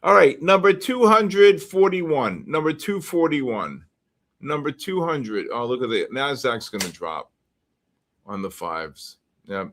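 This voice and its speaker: A man hosting a live stream, calling out giveaway numbers and names in a casual, drawn-out way with quick asides. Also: mid-range voice, animated, fairly bright tone. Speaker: livestream host calling giveaway winners.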